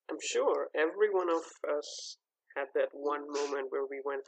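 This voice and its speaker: A man's voice: fairly high pitch, moderate pace, vocal fry, rough recording. A man hosting his own movie podcast, talking casually with lots of fillers and restarts. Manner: rambling, hesitant, many fillers and restarts. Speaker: podcast host. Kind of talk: casual solo podcast talk.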